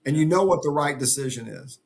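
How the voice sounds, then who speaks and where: A man's voice: a little high, expressive, a little fast, gravelly, a little mellow. A middle-aged man speaking as a podcast guest, earnest and emphatic in a motivational way. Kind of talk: conversational interview.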